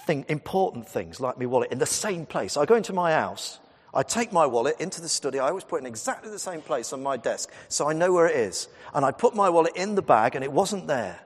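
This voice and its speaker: Lively chatty minister in a reverberant church. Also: male voice, fairly high pitch, breathy edge. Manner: chatty storytelling with humour, asides to the congregation. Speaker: Methodist minister. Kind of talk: sermon.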